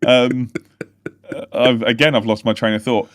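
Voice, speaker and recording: A man's voice: mid-range voice, little pitch movement, normal speed, no echo, clean studio sound. A man hosting a casual football podcast, swearing, laughing easily and losing his train of thought. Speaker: podcast host.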